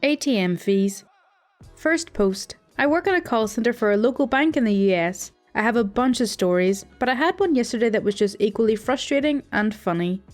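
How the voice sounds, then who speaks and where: A woman's voice: fairly high pitch, animated, moderate pace, soft background music. A woman hosting her storytime channel, reading a call center story aloud with a wry, amused manner.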